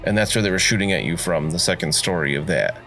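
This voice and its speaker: A man with a fairly low voice runs a tabletop game, describing the scene at an easy, meandering pace. His explanations wander through fillers and restarts. Faint music plays quietly underneath. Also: lively intonation, fast, gravelly. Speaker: game master.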